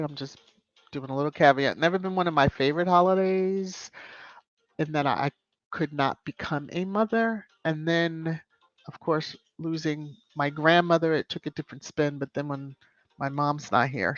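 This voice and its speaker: A woman's voice: low voice, dry recording, highs cut off. A woman hosting a casual live stream, greeting viewers by name and making emphatic asides. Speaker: YouTube live-stream host. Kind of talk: casual live-stream chat reading comments.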